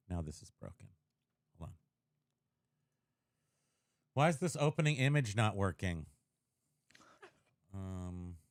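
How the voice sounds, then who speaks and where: A man's voice: lowish voice, darkish tone, no echo. A man hosting a casual livestream podcast, joking and rambling while he fusses with his gear. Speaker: podcast host.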